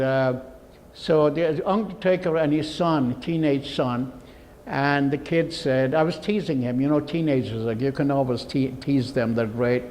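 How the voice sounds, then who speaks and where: A man's voice: fairly high pitch, a little hiss or hum. An older man giving a humorous public talk, telling rambling, jokey stories. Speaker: guest speaker.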